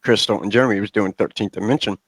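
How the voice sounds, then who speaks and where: A man's voice: on the low side, fast, breathy edge, no room sound, rough recording. A man talking as a podcast guest in a laid-back, joking way. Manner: laid-back, joking, says dude a lot. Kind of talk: casual chat.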